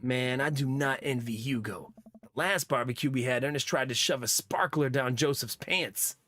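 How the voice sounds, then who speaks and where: A man's voice: mid-range voice, moderate pace, pushed and bright, a little hiss or hum, lightly acted. A man voicing a laid-back, easygoing suburban dad who calls people bro.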